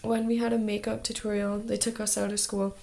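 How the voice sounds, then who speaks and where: A woman's voice: mid-range voice, flat delivery, brisk, vocal fry, warm tone, slight background noise. A teenage girl talking in a casual video diary as an exchange student, chatty and full of "like" fillers.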